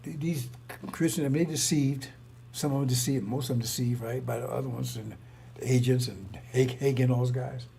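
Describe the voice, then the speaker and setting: A man's voice: medium pitch, fairly even intonation, fairly quick, vocal fry, dark tone, a little hiss or hum. A man giving an informal religious talk, rambling and repetitive, full of rhetorical questions. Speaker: preacher.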